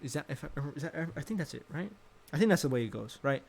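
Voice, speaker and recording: A man's voice: fairly high pitch, very animated, quick pace, vocal fry, darkish tone, breathy edge. A young adult man giving casual, rambling commentary, thinking aloud and correcting himself as he goes. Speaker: vlogger.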